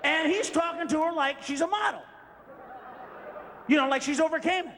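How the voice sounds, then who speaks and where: High-pitched ranting stand-up comedian, man. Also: normal speed, long reverb tail, over a noisy crowd, very noisy. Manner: shouting, profane ranting.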